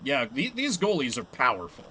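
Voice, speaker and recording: Chatty guy streaming, bright voice. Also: mid-range voice, wildly swooping pitch, moderate pace, slight background noise, low-quality recording. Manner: chatty, self-mocking, laughs often. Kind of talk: live gameplay commentary.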